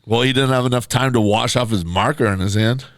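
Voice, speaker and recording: A man's voice: medium pitch, fairly quick, a bit bright, no room sound. A man co-hosting a podcast in casual chat, reading reviews aloud with a wry, teasing manner. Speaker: podcast co-host, promoter.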